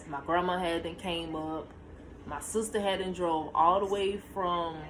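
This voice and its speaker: A young woman recounts her own story in a casual home vlog, talking straight to her viewers. Her pitch jumps high whenever she relives a tense moment. The camera mic picks up faint noise in the room. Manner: talks to viewers directly, shushing her child between lines. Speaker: vlogger telling a story.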